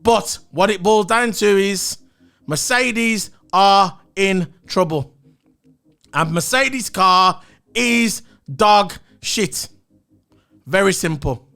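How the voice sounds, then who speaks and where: A man's voice: high voice, expressive, slow, sharp tone, soft background music. A man giving a blunt, opinionated solo review of a race, swearing and repeating his points. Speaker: motorsport commentator.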